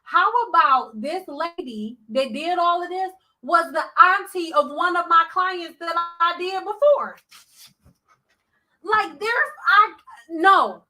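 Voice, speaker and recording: A woman hairstylist telling a blunt, animated storytime, acting out the people she quotes. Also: very high voice, takes it slowly, rough recording. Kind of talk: storytime vlog.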